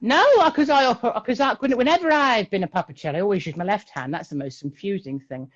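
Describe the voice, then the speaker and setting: A man from England, a magician and puppeteer, chatting as a guest on a live stream in a jokey, animated way. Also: high-pitched, quick pace, few pauses, highs cut off. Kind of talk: casual chat on a live stream.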